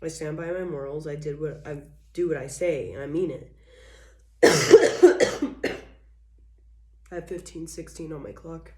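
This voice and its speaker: Low-pitched woman, casual blunt tarot reader, keeps coughing, echoey room. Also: lively intonation, unhurried, pauses often. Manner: rambling, filler-heavy, blunt and frank. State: coughing repeatedly. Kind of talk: casual channeled tarot reading.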